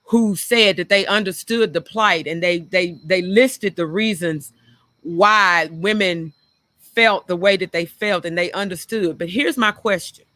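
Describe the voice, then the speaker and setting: A woman's voice: lowish voice, measured pace, a bit bright, dry recording. A middle-aged woman hosting a talk show, speaking frankly and earnestly about her own past and repeating phrases for emphasis. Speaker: show host. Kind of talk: reflective personal talk.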